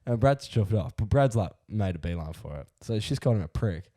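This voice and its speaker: Laid-back Australian bloke telling a story. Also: male voice, on the low side, animated, fairly quick, mellow. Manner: laughs through his own story, slangy. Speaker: podcast co-host. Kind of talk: casual storytelling chat.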